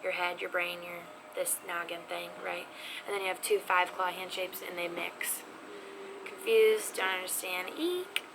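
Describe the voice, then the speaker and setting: A woman gives a casual sign language lesson from her home, teasing herself and sometimes dropping to a whisper. Her voice has a gravelly edge. The recording carries a steady layer of background noise. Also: lowish voice, measured pace. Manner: chatty, self-teasing, drops to whispers. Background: neighbor's music faintly heard.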